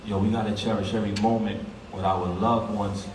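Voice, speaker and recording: A man's voice: fairly low pitch, level tone, fairly quick. New York man, heartfelt eulogy, emphatic and direct; distant mic, echoey, noisy funeral hall. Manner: emphatic, street-casual, talks straight to the crowd.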